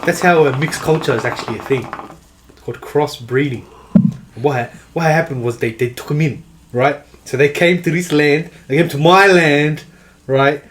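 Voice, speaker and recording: A man's voice: fairly high pitch, normal speed, fairly bright tone, slight background noise. An Australian man co-hosting a podcast, joking and arguing in casual chat and laughing often. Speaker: podcast co-host.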